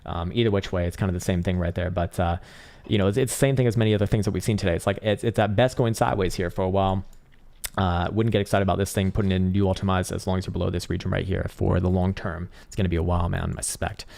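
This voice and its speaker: A man's voice: low-pitched, steady tone, fast talker, creaky, darkish tone. A man hosting a casual crypto chart livestream, rambling and profane with lots of fillers, his voice strained and tired. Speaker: crypto trading livestream host.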